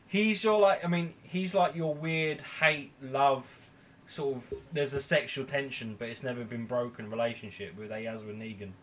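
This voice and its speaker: A man's voice: mid-range voice, steady tone, measured pace, fairly bright tone. A man hosting a live stream, bantering casually and joking with playful swearing. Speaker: live show host.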